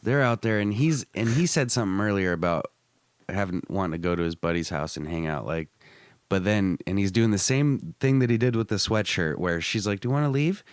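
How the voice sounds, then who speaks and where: A man's voice: low voice, a little fast, clear, resonant tone, dry recording. A man on a casual podcast telling a long, rambling, profane story, often jumping into raised voices to act out the people in it. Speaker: podcast co-host.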